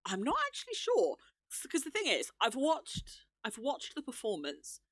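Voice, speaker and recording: A woman's voice: on the high side, wildly swooping pitch, moderate pace, dry recording, clean studio sound. A young woman co-hosting a casual podcast, chatty and enthusiastic, laughing often. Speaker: podcast co-host. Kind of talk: casual chat.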